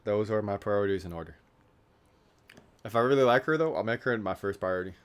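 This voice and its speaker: A man's voice: lowish voice, a little fast, clear, resonant tone. A young man talking casually to camera in a rambling, self-mocking way, joking about himself and his goals. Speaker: YouTuber. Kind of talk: casual vlog monologue.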